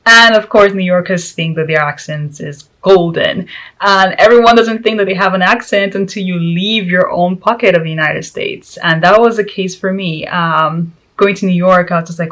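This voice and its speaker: A woman's voice: fairly low pitch, moderate pace, fairly bright tone, poor audio. A woman vlog host chatting casually to camera, joking and laughing between points, with Spanish as her first language.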